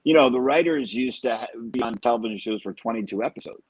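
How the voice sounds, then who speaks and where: A middle-aged man, a guest actor on a podcast, talking reflectively in casual conversation with frequent pauses. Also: mid-range voice, husky, dry recording, low-quality recording.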